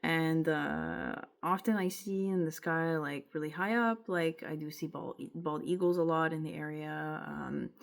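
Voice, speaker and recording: A woman's voice: low-pitched, fairly even intonation, a little slow, gravelly, few pauses. Woman with a Quebec French accent telling a story. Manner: rambling, emotional, with filler words and self-interruptions. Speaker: vlogger. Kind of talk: casual storytelling to camera.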